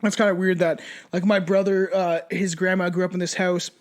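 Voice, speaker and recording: A man's voice: sits high, flat delivery, a little fast. A man co-hosting a podcast in casual, profane chat, laughing as he tells stories over drinks. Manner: loose, profane, laughing storyteller. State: drinking shots. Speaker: podcast co-host.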